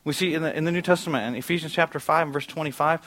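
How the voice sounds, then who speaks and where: A middle-aged pastor preaching a conversational sermon in a church auditorium, asking the congregation questions. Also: male voice, on the high side, steady tone, rapid-fire, fairly bright tone.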